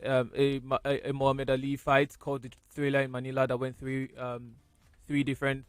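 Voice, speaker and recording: A man's voice: medium pitch, completely flat delivery, brisk, smooth, dry recording. Hesitant male sports panelist. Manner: hesitant, lots of ums and restarts. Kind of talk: casual sports talk.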